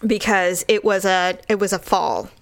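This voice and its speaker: A woman in her forties tells a funny story in casual conversation, animated and laughing often. She acts out what people said, putting quoted lines in a high voice. Her speech has vocal fry and moves at a moderate pace.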